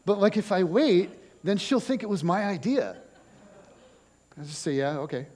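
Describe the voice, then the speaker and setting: A middle-aged male pastor with a slightly raised pitch, talking through his sermon in a loose, chatty way full of little asides and dry jokes. His voice rings out with a long reverb from a church hall. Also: expressive, moderate pace, darkish tone, slight background noise. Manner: casual and chatty, with many fillers and wry jokes. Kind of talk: conversational sermon. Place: church auditorium.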